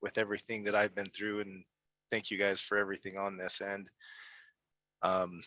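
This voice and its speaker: A man's voice: on the low side, monotone, moderate pace, bright, forceful tone, no echo, highs cut off. A man speaking on a casual group video call, thanking the group with heartfelt words. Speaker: community member.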